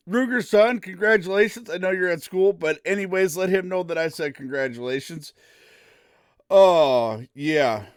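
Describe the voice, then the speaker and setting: A middle-aged man hosting a live morning show, loud, excitable and folksy. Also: sits high, normal speed, clear, resonant tone, no room sound, clean studio sound. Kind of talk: casual live stream talk.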